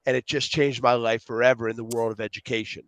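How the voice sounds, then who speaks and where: A man as a podcast guest telling stories in a rambling, animated way, acting out dialogue and jumping between tangents. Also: mid-range voice, fast, no room sound. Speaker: podcast guest, youth speaker. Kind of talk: casual storytelling interview.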